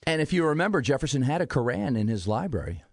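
A man's voice: medium pitch, sing-song, creaky, no room sound. Man explaining history in a dry studio. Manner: explanatory, measured, builds points with rhetorical questions. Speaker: historian guest. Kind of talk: radio talk show discussion. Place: radio studio.

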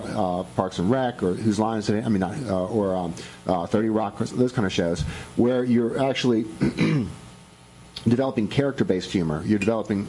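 A man's voice: fairly low pitch, darkish tone, rough recording. A man who runs an improv school, explaining it at length on a radio show, with many fillers.

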